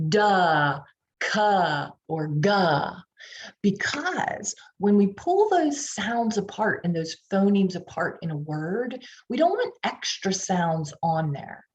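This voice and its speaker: A woman's voice: mid-range voice, darkish tone. A woman with a Pittsburgh accent, a reading specialist teaching tutors, sounding out phonemes and coaching listeners to repeat them. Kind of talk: tutor training lecture. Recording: dull lo-fi online session audio.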